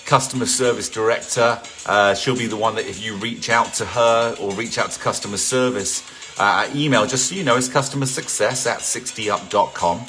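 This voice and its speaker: A man's voice: on the low side, a bit bright. Upbeat chatty man from England. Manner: upbeat, chatty, greets viewers by name, jokes. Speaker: fitness instructor hosting a live session. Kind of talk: casual live-stream talk to viewers. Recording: faint music in the background.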